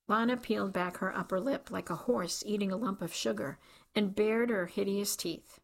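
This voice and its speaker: A woman narrates a novel in an even, measured way. Her mid-range voice carries a noticeable creaky, gravelly grain. The reading is steady and unhurried. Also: mid-range voice. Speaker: audiobook narrator. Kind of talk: scripted narration.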